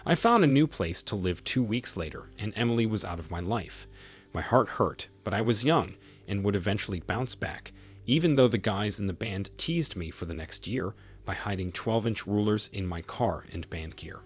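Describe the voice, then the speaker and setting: Low-voiced man narrating a story. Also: expressive, moderate pace, breathy edge. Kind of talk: first-person story narration.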